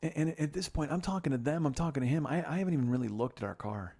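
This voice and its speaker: A middle-aged man hosting a podcast, telling a long profane story in a rambling, animated way. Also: a little high, rapid-fire, slightly rough. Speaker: podcast host. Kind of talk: storytelling monologue.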